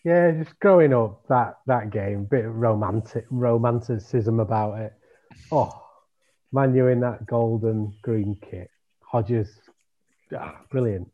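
A man's voice: medium pitch, slow pace. A man, fondly reminiscing and easily amused in casual football fan chat. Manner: fond, nostalgic, easily amused. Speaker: podcast co-host. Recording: dull lo-fi audio.

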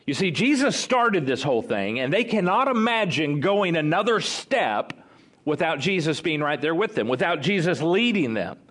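A man preaching a sermon as pastor, talking conversationally and telling the story with lively acted-out quotes. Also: on the high side, normal speed.

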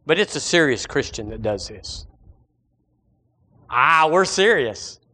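A man preaching a sermon as pastor, animated and acting out the voices of his listeners. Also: on the high side, slow.

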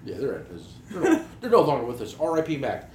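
A man hosting a podcast, swearing freely through lively, animated stories about his tool business. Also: mid-range voice, racing. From New Jersey. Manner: profane, animated storytelling. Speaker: podcast host, tool dealer. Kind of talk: casual podcast chat. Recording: roomy echo, faint background hiss.

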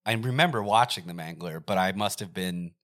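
A woman's voice: a bass voice, brisk, fairly bright tone. A woman in her forties chatting casually as a podcast co-host, swearing freely and acting out film scenes in quoted voices. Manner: profane, joking, acts out scenes in quoted voices. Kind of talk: casual chat reviewing a film.

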